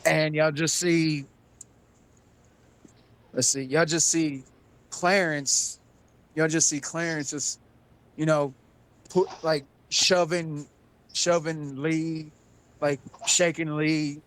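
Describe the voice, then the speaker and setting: A man's voice: on the high side, little pitch movement, slow pace, pauses often, fairly bright tone, low-quality recording. A man narrating a tabletop game as game master, casual and often repeating himself.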